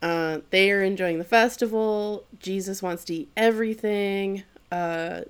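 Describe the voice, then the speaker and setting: A woman's voice: medium pitch, a little slow, smooth. A woman casually retelling an anime plot, swearing offhandedly and laughing as she goes. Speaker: podcast co-host. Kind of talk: casual chat recapping an anime.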